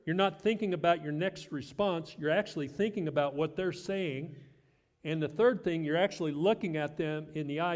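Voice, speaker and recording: A man's voice: fairly high pitch, a little mellow, long reverb tail. A middle-aged man preaching a sermon as pastor, conversational and self-deprecating with light humor.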